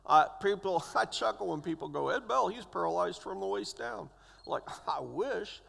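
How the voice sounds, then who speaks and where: A man's voice: sits high, expressive, moderate pace, creaky, fairly bright tone, a little hiss or hum. A man in his sixties, a church elder, giving a personal testimony in a church, acting out the voices of the people in his story. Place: church sanctuary. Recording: long church hall reverb.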